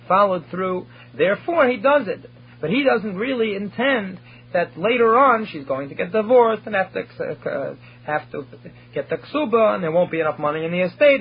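A man delivers a study lecture in a high, very husky voice. He works through Hebrew phrases one by one, translating each. The recording sounds dull and lo-fi. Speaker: Torah teacher.

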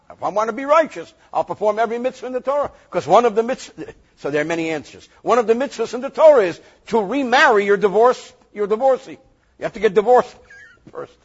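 Male rabbi, reading, lively joking lesson; raspy tone and a muffled, low-fi recording. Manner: animated, joking, reads Hebrew verses then translates. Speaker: rabbi teaching Torah.

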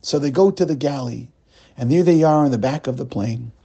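A man's voice: medium pitch, brisk, mellow, slightly rough, highs cut off. A man telling a story as a sermon, dramatic and addressing his listeners as friends. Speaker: rabbi telling a weekly story.

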